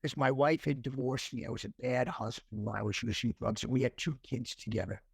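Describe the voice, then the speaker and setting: A man's voice: mid-range voice, steady tone, a little fast, creaky, husky, dry recording. A man in his sixties, an interview guest, telling an earnest personal recovery story and acting out the dialogue as he goes. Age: 60s. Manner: earnest, emotional at times.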